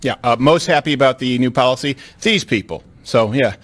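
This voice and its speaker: A man's voice: medium pitch, brisk. A man on a comedy talk show, speaking in a mocking, exaggerated put-on voice.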